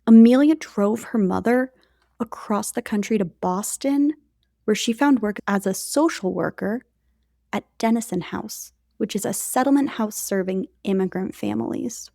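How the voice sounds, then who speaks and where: A woman's voice: mid-range voice, normal speed, gravelly, dark tone, dry recording, clean studio sound. A woman co-hosting a podcast, telling a history story in a chatty way with jokey asides to her co-host.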